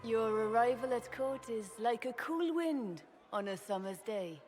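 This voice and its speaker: A gracious, poised empress, played by a woman in a video game, speaking in measured, courtly phrases. Her voice sits a little high, with soft music behind it. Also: natural voice.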